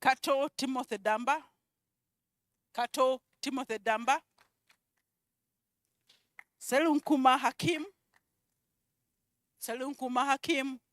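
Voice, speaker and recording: Slow, high-voiced woman calling a roll. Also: steady tone, dry recording. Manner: reads names slowly and repeats each one, with quiet asides between. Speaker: event presenter calling out names. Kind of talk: roll call at a conference.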